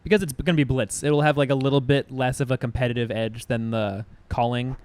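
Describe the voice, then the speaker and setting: A man co-hosting a podcast in casual chat, agreeable and quick to chime in. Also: mid-range voice, fairly even intonation, a little mellow, clean tone. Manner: quick, agreeable back-and-forth. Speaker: podcast co-host.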